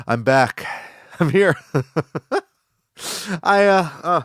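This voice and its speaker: A man's voice: a little high, expressive, drawn-out words, pauses often, fairly bright tone, clear, resonant tone, no echo, clean studio sound. A man hosting a comedy podcast, rambling through an absurd mock-serious monologue and giggling at his own lines.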